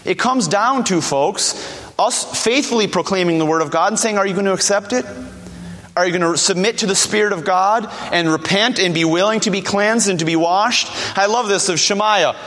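A man's voice: high-pitched, normal speed, a bit bright, in a large hall. A man preaching a sermon, emphatic and repeating key words, dropping his voice to quote scripture.

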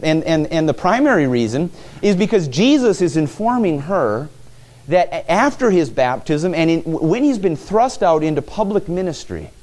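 Conversational male preacher, slightly high voice. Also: a little mellow. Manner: conversational, questioning the congregation; frequent stumbles and repetitions. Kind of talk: sermon.

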